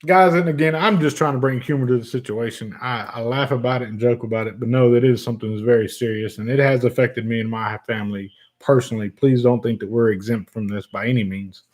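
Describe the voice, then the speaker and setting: Middle-aged man chatting on a casual livestream, cussing freely and laughing at his own jokes. His voice sits at an ordinary pitch for a man, and he moves easily between loose banter and earnest talk with viewers. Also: fairly even intonation, fast, few pauses, darkish tone. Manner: profane, joking, laughs often. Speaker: vape channel host. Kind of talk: casual livestream chat reading viewer comments.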